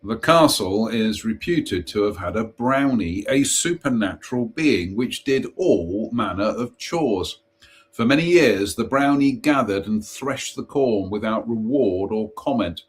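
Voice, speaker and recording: Male host, slow, husky, reads ghost lore aloud, stumbles over names and mocks himself. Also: medium pitch. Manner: chatty, self-mocking asides, stumbles over place names. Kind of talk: live-stream ghost story reading.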